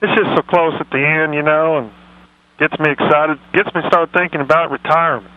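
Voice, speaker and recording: A man putting on a dim, rambling, folksy old football coach, talking slowly on a phone-in. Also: on the high side, steady tone, no echo, phone-quality sound, close to an everyday voice. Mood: folksy, proud. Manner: slow, meandering, folksy drawl. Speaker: comedy phone-in character. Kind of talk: radio comedy impression.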